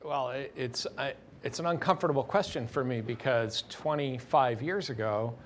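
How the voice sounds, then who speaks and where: A man's voice: medium pitch, normal speed, slight background noise. A man answering as a panelist, hesitant and reflective.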